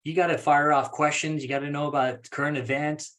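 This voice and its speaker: A man's voice: on the high side, level tone, a little fast, a bit bright. A man on a video call presenting a course plan at an online speaking club meeting, casual and self-deprecating. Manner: casual, self-deprecating, acts out examples in different voices.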